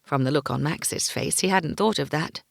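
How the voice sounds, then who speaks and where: A woman's voice: deep voice, moderate pace, vocal fry, dry recording, clean studio sound. A woman narrating a first-person fantasy audiobook, giving each character a voice.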